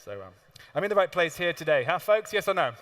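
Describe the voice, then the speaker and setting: Man, seminar speaker, lively joking storyteller, slightly high voice, big reverberant hall. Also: quick pace. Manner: animated storytelling with laughs and swearing. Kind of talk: live stage talk to an audience. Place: large hall with audience.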